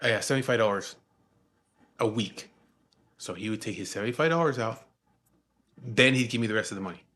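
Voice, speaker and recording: A man's voice: lowish voice, brisk, bright, forceful tone. Laid-back, cussing man in his forties. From Southern California. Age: 40s. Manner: laid-back and profane, with frequent fillers. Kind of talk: casual storytelling.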